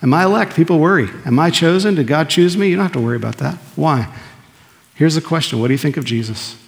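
A man's voice: on the high side, fast talker, creaky. Man preaching a sermon in a reverberant hall. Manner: earnest preaching, asks the listeners questions and answers them himself. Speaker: pastor. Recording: long reverb of a large hall.

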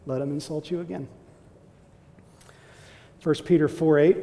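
Gravelly preacher with hall reverb. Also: male voice, a little high, fairly even intonation, a little slow, long pauses. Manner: emphatic, builds to forceful exhortation. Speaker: pastor. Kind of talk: sermon.

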